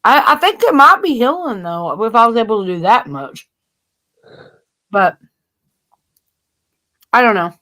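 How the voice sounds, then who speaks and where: A woman chats casually on a live stream in a slightly high voice. She keeps it loose and blunt, full of slang and the odd curse. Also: big pitch swings, a little slow, long pauses, sharp tone. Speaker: livestream host.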